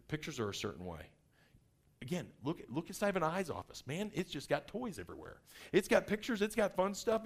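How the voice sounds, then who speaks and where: With a slightly high voice, a middle-aged workshop presenter delivers a lively seminar. Along the way he plays out various personality types using brief, quick voices.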